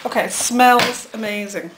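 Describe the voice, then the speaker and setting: Woman host with a higher voice, chatty and giggly, casual home demo, faint background hiss. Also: normal speed. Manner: chatty and giggly, trails off and hesitates. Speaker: soap maker and channel host. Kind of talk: casual chat while demonstrating.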